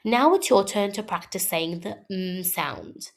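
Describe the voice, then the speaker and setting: A woman teaching a scripted phonics lesson for young children, modelling sounds slowly and clearly for them to repeat. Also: fairly low pitch, expressive.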